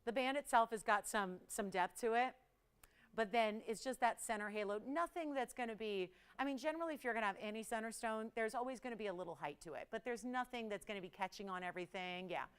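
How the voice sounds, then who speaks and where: A woman's voice: a little high, quick pace, smooth. A woman hosting a live on-air jewelry shopping show, chatty and playful, laughing often and teasing the crew. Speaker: shopping channel host.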